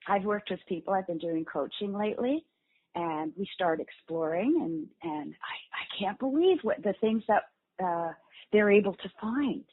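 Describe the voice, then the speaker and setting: Lively voice actress on a tinny line. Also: female voice, mid-range voice, normal speed, a little hiss or hum. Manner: animated, illustrates points with demo voices. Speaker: voice actress guest. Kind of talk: interview, explaining voice technique. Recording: phone-like lo-fi call audio.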